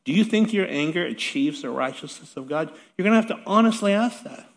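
A man's voice: high-pitched, animated, brisk. A middle-aged male pastor preaching a sermon in a chatty, self-deprecating way with light laughs. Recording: long hall reverb.

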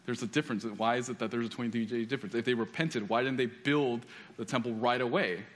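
A man's voice: medium pitch, steady tone, fast talker, fairly bright tone. A man giving a sermon, telling stories with frequent restarts and reading scripture aloud. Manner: storytelling with repeated restarts. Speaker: pastor.

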